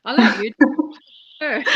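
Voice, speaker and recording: A woman joins a video call as a guest, talking in a playful, scheming way. Her voice sits a little high for a woman. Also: big pitch swings, takes it slowly, lo-fi sound. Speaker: arm wrestler guest. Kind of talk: casual chat.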